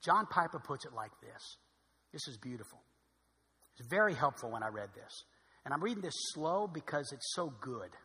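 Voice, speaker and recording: A man preaching a sermon as pastor, swinging between loud emphatic stretches and quiet asides. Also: a little high, very animated, normal speed, husky. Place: church sanctuary. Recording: long hall reverb.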